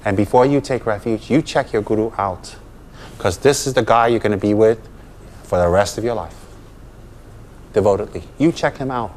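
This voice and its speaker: A man's voice: lowish voice, moderate pace, long pauses, darkish tone, a little hiss or hum. A man, a Buddhist teacher, giving a dharma talk to students, emphatic and full of rhetorical questions.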